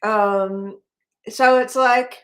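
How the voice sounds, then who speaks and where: Middle-aged woman, higher voice, casual spiritual host, rambling and laughing. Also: fairly even intonation, very slow. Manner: rambling, full of fillers and laughs.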